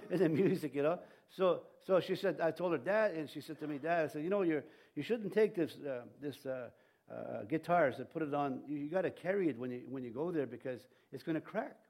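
A man's voice: on the high side, fairly quick, darkish tone. A middle-aged man, preaching a sermon in a church, rambling and folksy, with many restarts and fillers. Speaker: pastor. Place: church sanctuary.

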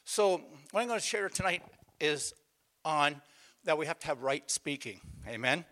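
A man's voice: on the high side, lively intonation, normal speed, sharp tone. A man preaching a sermon, emphatic and calling out to the congregation, with a conversational storytelling manner full of restarts. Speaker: pastor.

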